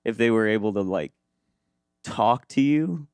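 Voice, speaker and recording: A young man co-hosting a podcast in a casual chat, making deadpan quips. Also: on the low side, a little slow, clean tone, no room sound, clean studio sound. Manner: deadpan quips, acts out mock-threatening voices. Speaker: podcast co-host.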